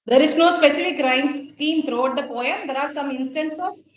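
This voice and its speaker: High-voiced Indian woman teaching a class. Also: moderate pace, roomy sound, slight background noise, poor audio. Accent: Indian English. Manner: explains terms and quizzes students, with frequent fillers. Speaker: college English teacher. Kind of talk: classroom lecture on a poem.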